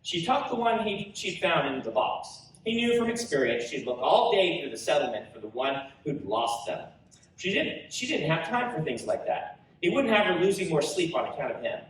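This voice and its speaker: A man reading his own story aloud at a convention panel, animated and storytelling. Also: fairly high pitch, moderate pace, far from the mic, a little hiss or hum. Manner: animated storytelling with character voices. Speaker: author reading his work. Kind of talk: live reading of a book prologue. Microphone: audience recorder in front row. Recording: roomy hall recorded from audience.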